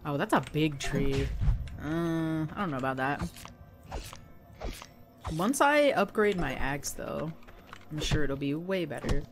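A woman talks through a video game in a casual, chatty way, giggling and chatting back to the characters on screen. Her pitch jumps around in a lively way, and she sounds a little sniffly. Faint game music plays behind her. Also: takes it slowly, long pauses. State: slightly sniffly from a runny nose. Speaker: let's play gamer. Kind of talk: casual gameplay commentary.

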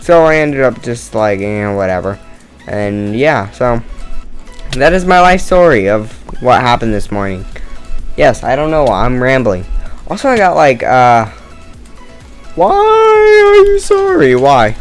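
A man's voice: medium pitch, animated, measured pace, soft background music. Tired, rambling young man gaming. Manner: rambling, chatty, swears, jokes at himself. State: tired, no caffeine. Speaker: gamer playing a murder mystery game. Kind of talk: casual let's-play commentary.

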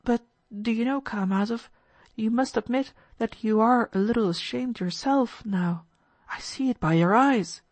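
A woman doing an excitable teenage boy. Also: fairly high pitch, normal speed, no room sound, voice pushed up, lightly acted. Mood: earnest. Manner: gushing, breathless enthusiasm. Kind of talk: audiobook character voice.

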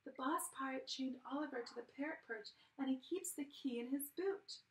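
A woman's voice: high-pitched, normal speed. Woman doing a tired old granny, sighs, storybook, roomy. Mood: weary. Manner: sighing. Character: weary sighing old grandmother. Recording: roomy, from a distance.

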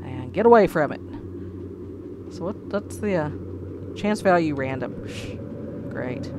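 Slow, low-voiced woman gamer. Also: animated, a little mellow. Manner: exasperated, swears then reins it in. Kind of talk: let's play commentary. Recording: music under the voice. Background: background music.

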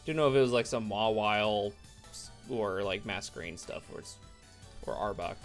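A man's voice: fairly low pitch, normal speed, soft background music. A man giving casual, rambling let's play commentary, sarcastic and chatty with viewers. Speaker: gaming YouTuber.

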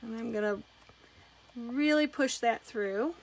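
A woman's voice: a little high, slow pace. A woman hosting a live craft demonstration, chatting casually as she talks through each step of her work.

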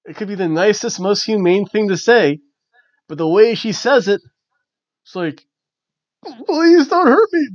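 A man hosting a casual wrestling review, chatty and animated with lots of fillers. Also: high-pitched, moderate pace, pauses often, dry recording. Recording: dull, dry lo-fi recording.

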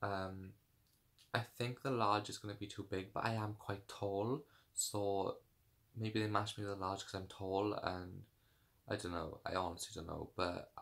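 A young man talks through a try-on haul in a loose, rambling way, filling his sentences with "like" and "um." His voice sits a little lower than most men's. It sounds like an unscripted home vlog. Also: steady tone, measured pace, gravelly, fairly bright tone. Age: young adult. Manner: rambling, chatty, lots of "like" fillers. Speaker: fashion vlogger. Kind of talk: casual try-on haul chat.

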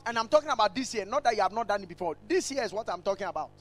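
A man preaching a sermon, emphatic and repetitive, swinging between shouted lines and hushed asides. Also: sits high, lively intonation, racing, few pauses, rough recording. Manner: repetitive, rhetorical.

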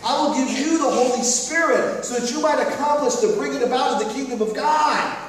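A man's voice: very high-pitched, brisk, fairly bright tone. A man preaching a sermon as pastor, emphatic and repetitive, full of rhetorical questions. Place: church sanctuary. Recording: echoey hall recorded from far off.

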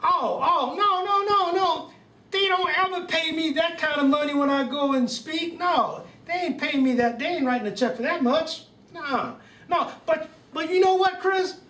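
A man's voice: very high-pitched, moderate pace, bright, forceful tone, far from the mic. A hard-of-hearing old man of eighty, as a man acts him out, stammering and asking for things to be repeated in a raised, lifted voice. The sound is roomy and taken from across the room. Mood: confused.

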